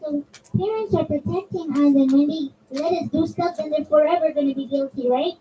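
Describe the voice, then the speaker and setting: Speaking fairly quickly in a high voice, a zakira leads a conversational religious talk for a children's majlis, quizzing and chatting with the kids. Recorded in a community center hall on a distant, dull mic, it has faint room ambience and slight background noise.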